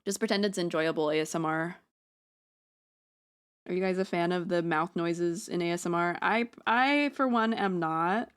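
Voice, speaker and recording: A woman with a fairly low, clear, resonant voice talks at a normal speed. She's live-streaming from home on a close mic, drawing as she chats, rambling along with jokey asides, poking fun at herself and swearing freely.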